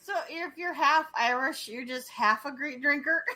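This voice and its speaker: A woman's voice: high-pitched, moderate pace, sharp tone, low-quality recording. A woman in casual chat as a podcast co-host, giggling often and reading out odd sayings.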